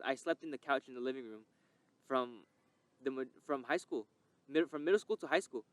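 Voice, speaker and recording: A man's voice: medium pitch, a bit bright, clear, resonant tone, dry recording. A young man telling a candid, emotional personal story, rambling and swearing as he reflects. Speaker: podcast host. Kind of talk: reflective personal testimony monologue.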